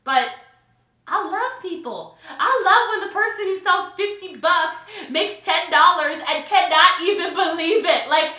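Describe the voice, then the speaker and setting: Excitable high-voiced woman coach. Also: normal speed, reverberant. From Maryland, USA. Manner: excitable and gushing, with big swings in loudness. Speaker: network marketing coach. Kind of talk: live-streamed team training. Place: home in Texas.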